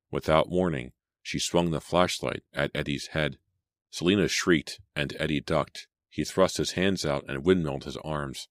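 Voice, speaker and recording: A man with an extremely deep voice narrates a suspense audiobook in a measured, steady manner. The recording is dry and close, with no room sound. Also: no room sound. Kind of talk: dramatic audiobook reading.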